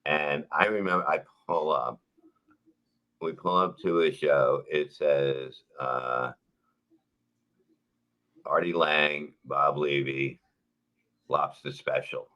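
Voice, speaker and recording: A man's voice: a bass voice, fairly even intonation, slow, long pauses, bright, forceful tone. A man co-hosting a comedy podcast, telling rambling stories with heavy swearing. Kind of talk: casual storytelling.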